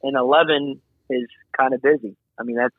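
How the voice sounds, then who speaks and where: A man working as an air traffic controller, talking casually and animatedly as an interview guest, explaining his job with quick asides, heard over a remote call. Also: medium pitch, no room sound. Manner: animated, chatty, acts out radio calls. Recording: tinny phone-like line.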